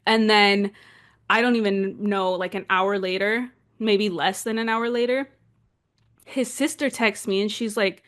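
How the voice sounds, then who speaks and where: A woman in her twenties from Southern California tells a story on her podcast. She talks in a chatty, animated way and leans on "like" a lot. Her voice sits at an ordinary middle pitch. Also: a little slow. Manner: animated, chatty, heavy use of "like" fillers. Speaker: podcast co-host. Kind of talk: casual storytelling chat.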